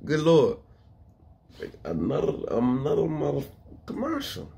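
A man reacting to a clip with loud, profane asides, his voice climbing and dropping through a lively range. He sits a little higher than most men and breaks into laughs as he talks. A faint hum of room ambience sits behind him. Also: measured pace, vocal fry. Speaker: reaction video host. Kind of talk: casual reaction commentary.

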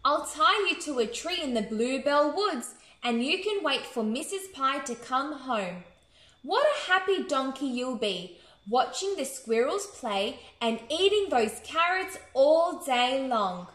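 A woman voicing a stern, grumpy male teacher who shouts and scolds. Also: high voice, sing-song, a little slow, full character voice. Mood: scolding. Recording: echoey room.

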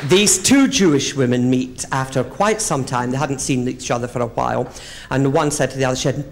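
A man's voice: mid-range voice, a little fast, gravelly. A man performing a bawdy stand-up monologue in drag character on a live theatre stage. He tells camp stories and swoops into quoted voices. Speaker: drag comedian.

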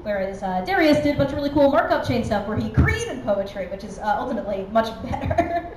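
A woman gives a conference talk in a quick, slightly high voice. She is chatty and self-deprecating and drops in plenty of fillers. The hall is echoey, and noise sits clearly underneath. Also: sing-song. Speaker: conference speaker.

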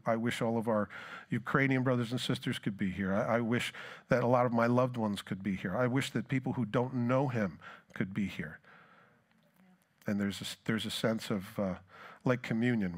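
A man preaching a sermon as pastor, earnest, reading scripture aloud with rising force and then talking it through plainly. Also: medium pitch. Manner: earnest, repeats words when restarting.

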